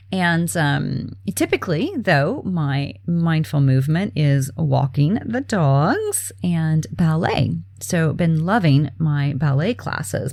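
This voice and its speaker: A woman hosting a podcast, talking casually about self-care with a relaxed, chatty manner and frequent fillers. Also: deep voice, no room sound, studio quality. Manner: relaxed and chatty, many fillers, soft breathy laughs. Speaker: podcast host.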